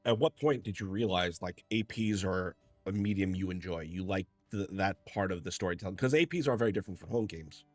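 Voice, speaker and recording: A man hosting an interview, asking relaxed, halting questions with restarts. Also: low-pitched, no echo, soft background music. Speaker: interview host. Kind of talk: casual interview.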